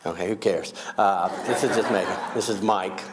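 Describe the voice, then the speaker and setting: A man's voice: on the low side, normal speed, noisy background. A man performing comedic magic on a school stage, teasing his young volunteers with wisecracks. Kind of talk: comedic magic show patter.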